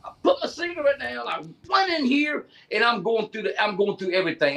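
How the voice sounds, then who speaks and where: Animated high-voiced man telling stories. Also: quick pace, gravelly, hardly any pauses. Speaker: podcast co-host. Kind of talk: casual storytelling chat.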